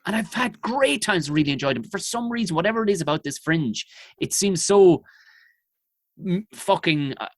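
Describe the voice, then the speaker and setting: An Irish man telling profane, animated stories as a comedian guest in casual chat. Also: sits high, moderate pace, no echo. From Ireland.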